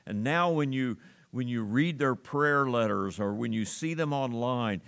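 A man preaching a sermon in a church, reading scripture slowly with strong emphasis and then explaining it in a conversational way. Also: mid-range voice, gravelly, fairly bright tone. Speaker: pastor.

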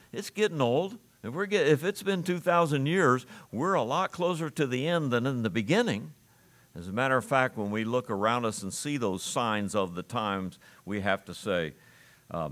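A man's voice: medium pitch, moderate pace, a bit bright. A middle-aged man preaching a sermon as pastor, reading scripture aloud in an earnest voice with emphatic rises.

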